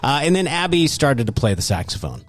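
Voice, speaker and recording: A man with a medium-pitched, brisk voice hosts a casual podcast chat, telling stories animatedly and laughing frequently.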